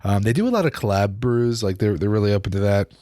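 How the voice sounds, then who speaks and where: A man talks through a casual solo podcast in a fairly low voice. He rambles and restarts his sentences often. The sound is close and dry, with no room echo. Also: lively intonation, quick pace, dark tone. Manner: rambling, many restarts and fillers. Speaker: podcast host. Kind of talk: casual solo podcast about football and beer.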